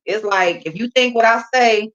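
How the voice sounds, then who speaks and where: A woman's voice: fairly high pitch, moderate pace, fairly bright tone. A woman hosting a livestream, chatting casually with viewers, slangy and blunt, swearing and giggling through her words. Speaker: livestream host. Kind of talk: casual chat with live viewers. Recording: dull lo-fi livestream audio.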